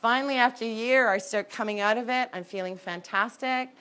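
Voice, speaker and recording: A woman telling a personal story in a candid, conversational way, with sudden jumps in pitch and loudness. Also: brisk, smooth. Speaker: horse owner telling her story.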